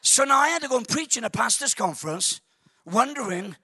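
Bright high-voiced male preacher, jokey. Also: a little fast, breathy edge, no echo. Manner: animated, jokey, stammering restarts. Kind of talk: humorous sermon storytelling. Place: church service.

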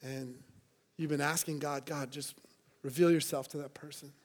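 Earnest higher-voiced male preacher. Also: fairly even intonation, moderate pace. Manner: earnest, conversational preaching with playful asides. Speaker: pastor. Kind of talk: sermon. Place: church in front of a congregation.

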